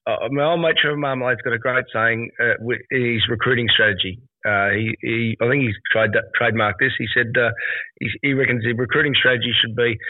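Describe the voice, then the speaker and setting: A man's voice: medium pitch, dry recording. Laid-back Australian man on a tinny line. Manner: laid-back joking footy banter. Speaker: podcast co-host. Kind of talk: casual chat. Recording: tinny phone-like remote call.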